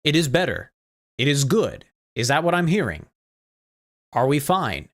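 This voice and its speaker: A man's voice: mid-range voice, big pitch swings, measured pace. A man streaming a game, chatting casually and rambling while troubleshooting his audio. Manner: rambling, troubleshooting audio with chat, laughs often. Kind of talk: casual live-stream chat.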